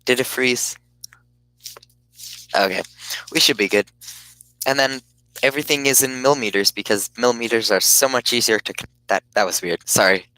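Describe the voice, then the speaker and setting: A man casually chatting on his live stream, rambling in a halting way and often cutting himself off mid-thought. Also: mid-range voice, sharp tone, no echo, rough recording. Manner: rambling, halting, self-interrupting.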